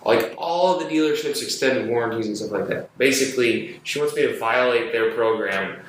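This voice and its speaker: Man, podcast co-host, animated storyteller, echoey room, faint hiss. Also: moderate pace. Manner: animated storyteller, mimics others in high voices. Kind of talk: casual chat, telling a work story. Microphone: phone.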